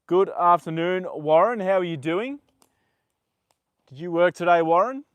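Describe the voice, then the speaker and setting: A man's voice: high-pitched, unhurried, a bit bright, clear, resonant tone, no room sound. Give me a young man chatting casually on a livestream from a horse paddock, rambling, swearing lightly and talking to his horse between stories. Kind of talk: casual live chat.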